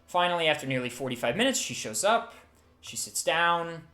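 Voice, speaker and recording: A man voicing a heartbroken man who tells of his lost love, halting and emotional. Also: a little high, sing-song, pushed and bright, pitched above the performer's own voice. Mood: wistful. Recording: roomy echo, faint music.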